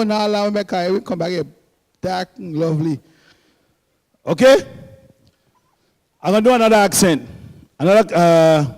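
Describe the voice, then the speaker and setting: A man's voice: on the high side, a little mellow, big-room sound. A man hosting an open mic night, joking with the crowd in stand-up banter. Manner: joking, playful.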